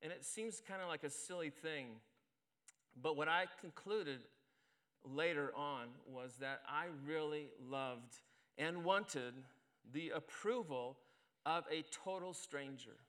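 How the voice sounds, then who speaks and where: A man's voice: fairly high pitch, slow pace, a bit bright, smooth. A middle-aged man, a pastor, preaching a sermon and telling a self-deprecating story in a conversational way at a church service.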